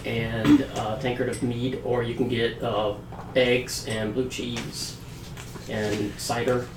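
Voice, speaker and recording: A man narrating as game master in a casual tabletop session, with relaxed, halting narration full of fillers. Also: mid-range voice, roomy sound, far from the mic, noisy background.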